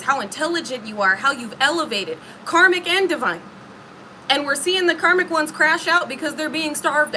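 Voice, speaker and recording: A woman's voice: sits high, pushed and bright, slight background noise, poor audio. A woman giving an emphatic, slangy tarot reading directly to her viewers. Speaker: tarot reader.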